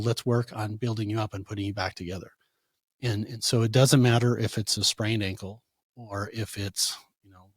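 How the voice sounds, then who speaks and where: A man, a chiropractor, answering interview questions in a conversational way, telling animated stories and acting out what his patients said. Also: on the low side, slightly rough, no echo, clean studio sound. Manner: animated storytelling, acts out quoted patients. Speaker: chiropractor guest.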